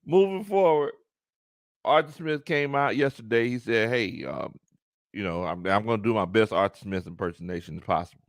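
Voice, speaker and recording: A man hosting a live sports talk stream, animated, laughing often and greeting his chat. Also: lowish voice, moderate pace, no echo, clean studio sound. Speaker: sports talk show host.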